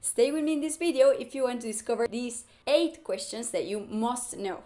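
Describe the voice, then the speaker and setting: A woman teaching a language lesson, speaking slowly and deliberately as she walks through example questions and answers. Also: a little high, expressive, warm tone. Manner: slow, deliberate, spelling out examples. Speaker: Spanish teacher.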